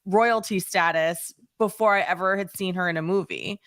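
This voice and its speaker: A woman's voice: on the low side, normal speed, fairly bright tone, no room sound. Chatty woman podcast co-host, dry sound. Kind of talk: casual chat.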